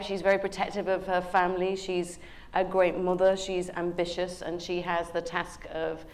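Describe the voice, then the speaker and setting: A British-accented actress from England and Ireland speaks as a guest in a remote live TV interview, heard over an earpiece link. Her voice sits on the low side with a flat delivery at normal speed. She hesitates a lot, filling gaps with many ums, and can hear audio feedback.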